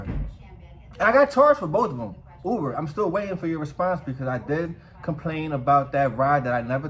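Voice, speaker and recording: A man vlogging casually, telling a story in a profane, animated way. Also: on the high side, low-quality recording.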